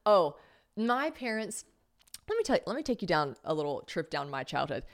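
A woman's voice: on the low side, sing-song, normal speed. A woman in her thirties hosting a podcast, chatting casually and rambling, with frequent laughs. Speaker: podcast host. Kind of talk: casual chat.

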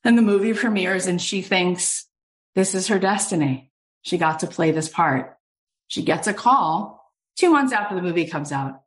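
A woman host and coach telling an inspirational story in an animated way, acting out the quotes. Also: lowish voice, normal speed.

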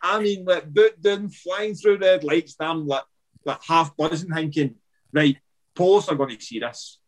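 A man's voice: a little high, a little slow, rough recording. A Scottish man, a former footballer, telling a wild story in casual chat, swearing and acting out what others said. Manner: animated anecdotal, acts out quotes, swears freely.

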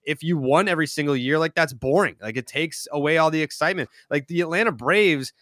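Guy in his 30s rambling on a podcast, bright tense voice, dry close sound, says like a lot. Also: a little high, quick pace, dry recording. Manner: rambling, heavy use of "like" filler. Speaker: podcast guest. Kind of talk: casual chat.

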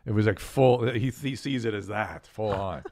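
A man hosting a casual podcast chat, talking quickly and animatedly and laughing often. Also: lowish voice, darkish tone, slight background noise. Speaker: host.

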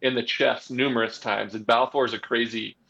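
A man's voice: mid-range voice, flat delivery, moderate pace, creaky, sharp tone. A man co-hosting a podcast, telling loose, rambling stories in casual chat. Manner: loose, rambling storytelling with fillers. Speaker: podcast co-host, former pitcher. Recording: dull lo-fi sound.

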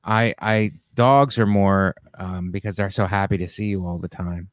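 A man, a comedian guest on a podcast, telling rambling deadpan stories with fillers. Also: low-pitched, normal speed, no echo, studio quality. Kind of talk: casual comedic podcast banter.

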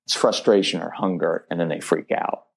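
A man's voice: low-pitched, fairly quick, gravelly, slightly rough. Parenting guest, male, casual chat, plays out sample lines to kids. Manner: animated, acts out parent phrases. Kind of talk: casual podcast conversation.

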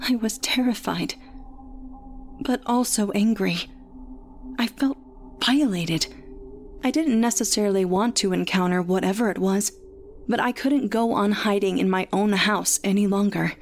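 A woman reading a first-person horror story aloud in a measured, tense way. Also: medium pitch, a little hiss or hum. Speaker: narrator.

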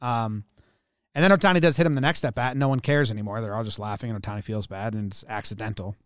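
A man's voice: on the low side, fast, smooth, no room sound, studio quality. A man co-hosting a sports podcast, retelling a story in casual chat and acting out the quotes. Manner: animated storyteller, acts out quotes, swears. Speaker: podcast co-host.

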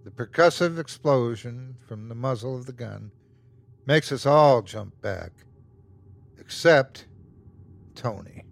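A male host narrates a horror tale in first person, unhurried and tense. His voice is mid-pitched, recorded close and dry with no room echo. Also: gravelly. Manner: slow, tense storytelling.

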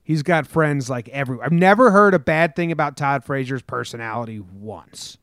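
At normal speed and in an animated, mid-range voice with a bit of brightness, a New Jersey podcast host spins rambling sports talk stories, cursing freely and performing the quotes. The recording is dry and clean, studio-made.

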